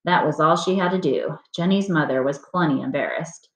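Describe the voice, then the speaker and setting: A woman reads a children's chapter book aloud in a steady storytelling manner. Her voice sits a little low, and the sound is roomy and dull, like a lo-fi home recording. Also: a little fast. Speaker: reader.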